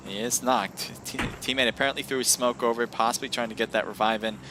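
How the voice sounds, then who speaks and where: A man commentating a live esports match in a relaxed, chatty way, his voice at an ordinary middle pitch. He laughs easily and jumps up in excitement when players barely escape. A faint hiss sits under the voice. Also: a little fast. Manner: casual and chatty, laughs often and gets excited at close calls. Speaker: esports caster.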